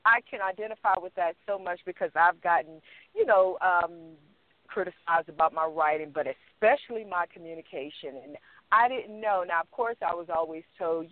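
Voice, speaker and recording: A woman with a Southern US accent, co-hosting a casual talk and chatting in an animated way with frequent laughter. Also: lowish voice, moderate pace, dry recording. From Southern United States. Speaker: podcast co-host. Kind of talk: casual conversation. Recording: tinny phone-line sound.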